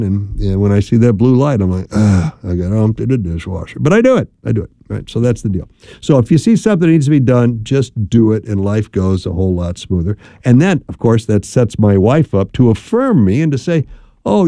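A man's voice: mid-range voice, mellow, no echo, studio quality. A middle-aged man hosting a radio show and giving marriage advice in a chatty, emphatic way, often repeating words for stress. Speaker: radio host and marriage counselor. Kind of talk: casual radio talk with advice. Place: radio studio. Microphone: studio microphone.

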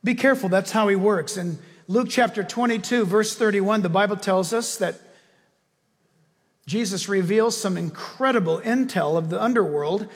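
A male pastor preaching a sermon with animated storytelling, acting out voices along the way. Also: sits high, normal speed, breathy edge. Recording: long reverb of a large hall.

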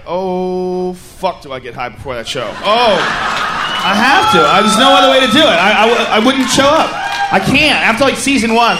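A man doing stand-up comedy, telling profane stories in an animated way before a live audience. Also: high voice. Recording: live club recording with audience. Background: audience noise.

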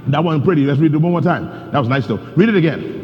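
A male pastor preaching a sermon with call-and-response, his delivery rising into shouts. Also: fairly high pitch, lively intonation, quick pace, soft background music. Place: church sanctuary. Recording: dull reverberant church hall recording.

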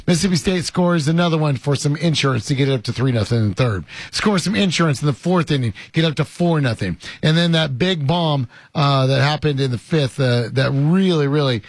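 A man's voice: mid-range voice, dry recording. A man from hosting a casual sports talk show, chatting with many fillers and emphatic repeats. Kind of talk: casual sports radio chat.

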